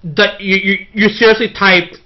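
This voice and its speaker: A man's voice: high-pitched, steady tone, moderate pace. A man co-hosting a movie review podcast, ranting with exasperation and plenty of swearing. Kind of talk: casual movie review chat. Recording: dull lo-fi podcast audio.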